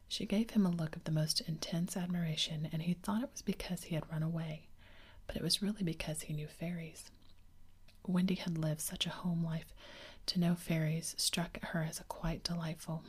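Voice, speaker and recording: A woman reading a children's story aloud in a slow, soothing ASMR whisper. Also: sits low, steady tone. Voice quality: breathy whisper.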